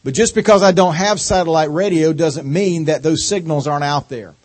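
A man's voice: a little high, darkish tone. A middle-aged man with a Southern accent preaching a sermon as a guest speaker, folksy and joking, drawing out his words. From North Carolina. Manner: folksy and joking, slow drawling delivery.

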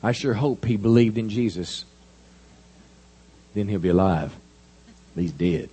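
A man preaching a sermon in an animated, folksy storytelling manner. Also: fairly low pitch, unhurried, breathy edge. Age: 50s. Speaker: pastor.

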